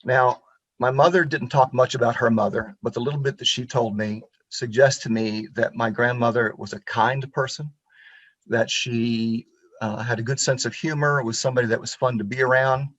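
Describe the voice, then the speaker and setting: A man's voice: medium pitch, steady tone, moderate pace, fairly bright tone, dry recording, lo-fi sound. A man in his fifties from Pensacola, Florida, giving a local history talk over a video call in an earnest, reflective storytelling way. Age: 50s. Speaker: guest speaker on local history. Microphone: computer mic on a video call.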